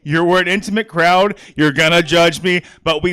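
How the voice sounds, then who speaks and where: Rambling stand-up comic man, smooth voice. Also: on the high side, steady tone, normal speed, few pauses, pushed and bright. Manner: rambling, crowd work, conversational. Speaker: stand-up comedian. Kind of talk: stand-up comedy set. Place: small comedy theater, live audience.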